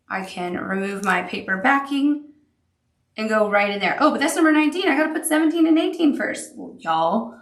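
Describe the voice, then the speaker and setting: A woman's voice: fairly high pitch, creaky, a bit bright. A woman giving a chatty, upbeat sewing tutorial while she works. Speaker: sewing instructor. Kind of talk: crafting tutorial. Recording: echoey room.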